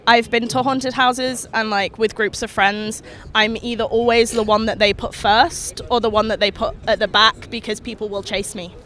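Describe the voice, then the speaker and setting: A woman's voice: on the high side, fairly even intonation, moderate pace, a bit bright. A young woman chatting frankly and matter-of-factly in an outdoor interview. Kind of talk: casual chat. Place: outdoors in a city park.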